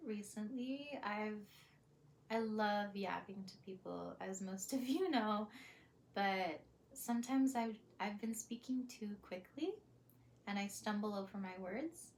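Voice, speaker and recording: A young woman talking to camera in a reflective, casual vlog, soft and hesitant with many pauses and small laughs. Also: mid-range voice. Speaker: vlogger.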